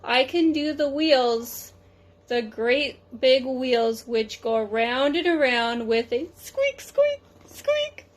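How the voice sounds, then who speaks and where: A woman voicing a tiny mouse in a read-aloud storybook, with a thin squeaky voice. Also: slow. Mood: eager.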